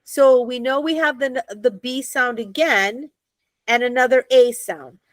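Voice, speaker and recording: A woman's voice: high voice, unhurried, no room sound. Upbeat American woman teaching a class. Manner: patient, checks understanding often. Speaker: Hebrew teacher.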